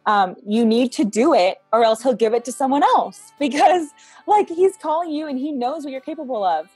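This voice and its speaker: A young woman in her twenties speaks as an interview guest, relaxed and chatty, filling her sentences with "like" and "um". Her voice has a husky edge and sounds dry and close. Soft music plays faintly underneath. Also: sits high, moderate pace, no echo. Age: 20s. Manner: chatty, frequent "like" and "um". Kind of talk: casual faith interview chat.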